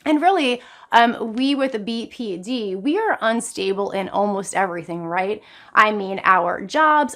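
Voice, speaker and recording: A middle-aged woman vlogger talking casually and earnestly to her viewers, addressing them directly and often leaping up in pitch for emphasis. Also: a bit bright. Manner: frequent sudden jumps in pitch for emphasis. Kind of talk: casual talk to camera.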